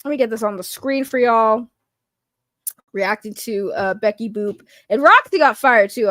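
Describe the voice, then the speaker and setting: A woman's voice: a little high, normal speed, a bit bright, no echo, studio quality. A woman chatting casually on a live stream, greeting her chat, swearing now and then and sounding worn out from work. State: tired from work.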